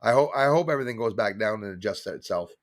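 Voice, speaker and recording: A man's voice: on the low side, animated, quick pace, no echo, clean studio sound. A middle-aged man from Canada hosting a casual livestream, rambling and reading viewer comments aloud. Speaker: livestream host.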